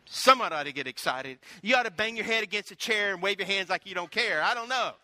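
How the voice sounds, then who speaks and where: A middle-aged male pastor preaching in a folksy, storytelling way, pressing the congregation for responses. His voice sits very high and sounds very bright and sharp. The sound is close and dry. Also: expressive, fast, dry recording. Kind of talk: sermon.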